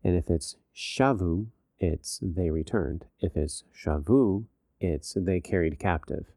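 A man's voice: low voice, steady tone, unhurried, creaky, warm tone, dry recording, studio quality. A man in a casual podcast chat, explaining things patiently like a teacher.

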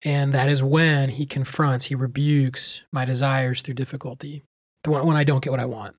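A man's voice: medium pitch, level tone, moderate pace, no room sound, studio quality. A man co-hosting a podcast, speaking earnestly and personally about his own struggles. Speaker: podcast co-host and teacher. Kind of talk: reflective podcast discussion.

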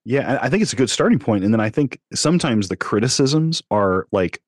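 A man co-hosting a casual discussion, eager and quick with his questions. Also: medium pitch, animated, no room sound, clean studio sound.

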